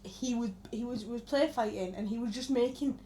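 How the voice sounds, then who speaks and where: A woman in her 20s co-hosts a podcast, chatting casually and telling stories full of acted-out quotes and plenty of swearing. Her voice is fairly high and warm, at a normal speed.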